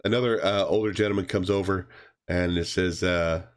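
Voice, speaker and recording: Male podcast co-host, low-pitched, casual and rambling. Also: fairly even intonation, normal speed. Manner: rambling, with many fillers and restarts; acts out characters' lines in a raised voice. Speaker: podcast co-host reviewing comics. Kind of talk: casual chat.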